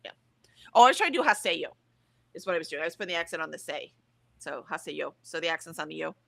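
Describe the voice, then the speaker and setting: A woman's voice: sits low, very fast, creaky, dry recording. A woman hosting a casual livestream from home, reading out chat comments and chatting with a laugh. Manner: chatty, lively, laughs often. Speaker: livestream host. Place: home, in bed.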